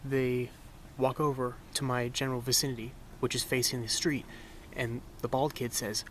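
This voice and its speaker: A man's voice: mid-range voice, normal speed. Laid-back young man rambling over noise. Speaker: vanlife vlogger. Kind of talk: casual vlog storytelling. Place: around his van and campsite. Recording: steady road and outdoor noise behind.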